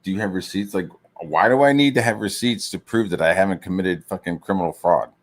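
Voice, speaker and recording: A man with a very low voice rants casually as he works on comic pages. His talk rambles, loaded with profanity and filler words, loose and unscripted. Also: fairly quick. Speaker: streamer and comic artist.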